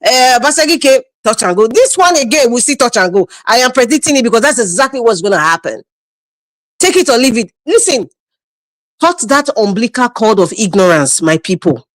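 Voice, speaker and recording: A woman's voice: a little high, big pitch swings, brisk, dry recording. A woman with a Nigerian accent giving outspoken political commentary on a live stream, blunt and laughing often. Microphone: video call.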